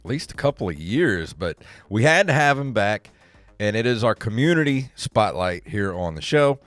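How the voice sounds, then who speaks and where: A man's voice: fairly low pitch, sing-song, moderate pace, a bit bright, no echo, faint music behind. A man hosting a retro gaming podcast, joking and laughing often in casual chat. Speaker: podcast host.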